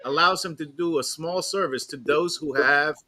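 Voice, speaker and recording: A man's voice: fairly high pitch, normal speed, sharp tone. A man hosting a casual talk show, telling stories animatedly and swearing freely. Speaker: host. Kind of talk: casual chat.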